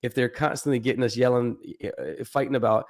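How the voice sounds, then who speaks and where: A man's voice: medium pitch, fairly even intonation, quick pace, a little mellow. A man guest on a podcast, talking earnestly in loose, casual chat with some swearing.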